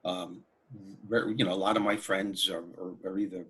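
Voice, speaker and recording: Man, comedian guest, interview storytelling, husky, low-pitched, animated. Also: a little fast. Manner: animated, anecdotal, laughs while telling stories. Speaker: guest, comedian and motivational speaker.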